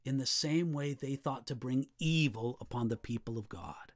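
A man preaching a sermon, reading scripture slowly and asking the listeners rhetorical questions. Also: medium pitch.

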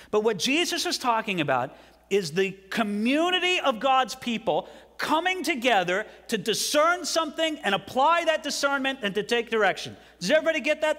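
A man's voice: high-pitched, a bit bright. A man preaching a sermon as pastor, emphatic and often asking the congregation questions. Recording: long hall reverb.

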